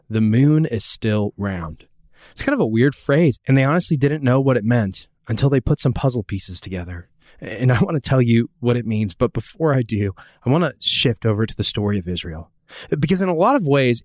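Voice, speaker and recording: An earnest male Bible teacher tells a story and voices the questions people ask. His voice sits at an ordinary middle pitch, recorded close and dry with no room sound. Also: a little mellow, no room sound.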